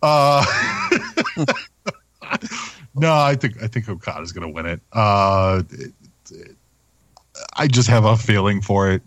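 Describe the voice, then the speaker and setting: A man's voice: fairly low pitch, slow pace, long pauses, fairly bright tone, dry recording. A man co-hosting a casual wrestling chat podcast, loose and profane in his talk. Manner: loose and profane, laughs easily. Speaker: podcast co-host.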